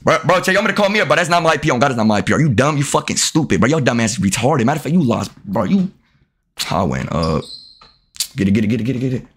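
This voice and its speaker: A man's voice: medium pitch, sing-song, quick pace, fairly bright tone, breathy edge. A young man, streaming a basketball game live, trash-talking and cursing at chat and other players. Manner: profane, trash-talking, riled up. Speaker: gaming streamer.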